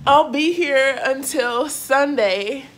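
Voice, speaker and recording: A young woman from Akron, Ohio, vlogs from a hotel room, gushing and tearful as she speaks directly to her viewers in an emotional chat. Her voice sits high, and she talks slowly.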